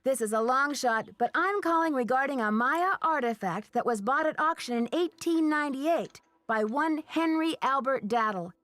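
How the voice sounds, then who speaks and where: Nancy Drew. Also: female voice, high-pitched, lively intonation, normal speed, few pauses, a bit bright, dry recording. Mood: earnest. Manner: polite, earnest. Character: young woman detective, polite and earnest. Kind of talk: video game voice acting.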